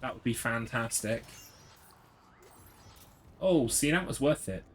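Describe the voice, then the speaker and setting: A man's voice: medium pitch, animated, slow, faint music behind. A man chatting casually while streaming a horror game, rambling through stories and swearing freely. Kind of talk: casual live gameplay chat.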